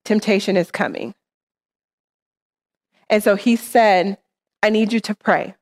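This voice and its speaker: A woman's voice: mid-range voice, slow pace. A woman preaching in church, talking in an earnest, conversational way and often checking in with her listeners. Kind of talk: sermon.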